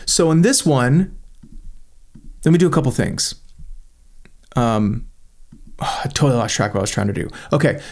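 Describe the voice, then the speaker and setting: Host, male, mid-pitched, chatty and eager, narrating his own screen demo while he thinks aloud. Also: a little mellow. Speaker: channel host reviewing a software tool. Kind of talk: screen-recorded software walkthrough.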